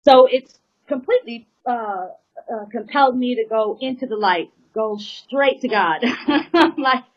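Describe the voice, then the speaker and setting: A woman's voice: on the high side, unhurried. A woman drummer giving an earnest, emotional personal account, rambling with many fillers and pleading at times. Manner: rambling, full of "you know" and "like" fillers. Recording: slightly muffled lo-fi recording.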